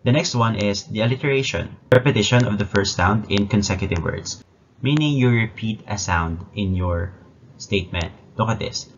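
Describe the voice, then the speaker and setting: A man's voice: fairly low pitch, normal speed. A man with a Filipino accent teaching a recorded lesson, explaining step by step and mixing Tagalog into his English. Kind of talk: recorded classroom lecture. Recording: dull lo-fi recording with faint noise.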